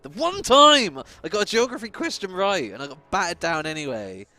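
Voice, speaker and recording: Lively, excitable male streamer. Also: sits high, a little fast, no room sound. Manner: jokey, laughs often, excitable. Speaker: stream co-host. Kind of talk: casual live-stream chat over gameplay.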